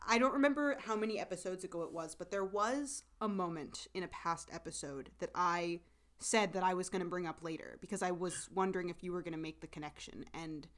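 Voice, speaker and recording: A woman's voice: on the low side, a bit bright. A woman co-hosting a podcast, talking through a drama in casual, emphatic chat full of fillers. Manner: chatty, many fillers, emphatic. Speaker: podcast co-host.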